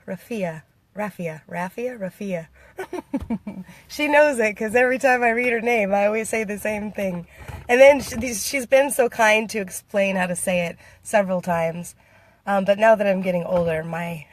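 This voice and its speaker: A woman's voice: mid-range voice, dry recording. Giggly American woman vlogger. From United States. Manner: giggly and playful, laughs often. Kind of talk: casual chat to viewers, reading comments.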